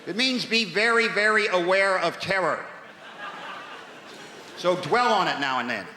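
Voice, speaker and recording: A man's voice: sits high, lively intonation, unhurried. A man doing a stand-up routine in a large theatre, ranting in a sardonic way. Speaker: stand-up comedian. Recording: echoey hall with loud crowd. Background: loud audience laughter.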